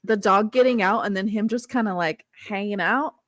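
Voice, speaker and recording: A woman's voice: medium pitch, moderate pace, no echo. A woman in a friendly casual chat, telling a pet story and laughing along.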